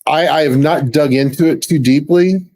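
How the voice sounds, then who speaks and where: A man's voice: fairly high pitch, moderate pace, a little mellow, poor audio. A man on a casual panel, talking hesitantly and repeating words as he finds his point.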